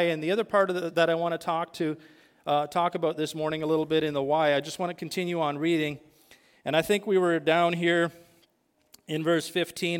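A man's voice: on the high side, big-room sound. A male pastor preaching a sermon, asking the congregation questions and building emphatic lists.

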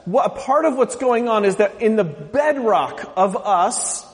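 A man's voice: high voice, expressive, measured pace, in a large hall. A man from the US West Coast preaching a sermon as pastor, joking and asking the congregation questions. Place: church sanctuary.

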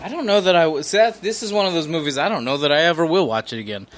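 A man co-hosting a podcast, chatting about movies in a relaxed, offhand way. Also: a little high, rapid-fire, poor audio. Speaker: podcast co-host. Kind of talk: casual movie review chat.

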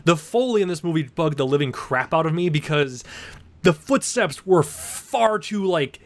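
A man's voice: fairly high pitch, animated, moderate pace. Rambling, laughing man reviewing a movie. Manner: rambling, laughs often, puts on silly accents. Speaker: podcast co-host. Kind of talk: casual movie review chat.

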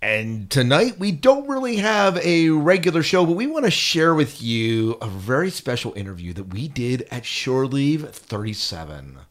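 Man host, upbeat casual chat, mid-pitched everyday voice. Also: sing-song, moderate pace, hardly any pauses, fairly bright tone. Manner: upbeat, show-opening. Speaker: podcast host.

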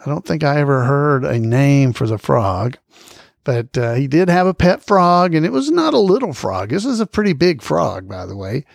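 A man hosts a casual trivia podcast, wandering from point to point with fillers and little laughs. His voice sits a bit high and has a gravelly edge. It is recorded close and dry, with no room sound. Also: sing-song, moderate pace, dry recording. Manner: rambling, chuckling, many fillers. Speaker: podcast host.

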